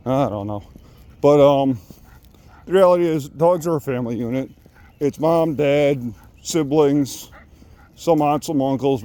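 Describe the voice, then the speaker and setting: Winded man, rambling dog-trainer talk, mellow and a bit high-pitched. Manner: rambling, repeats and restarts words. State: out of breath. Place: outdoors walking a dog.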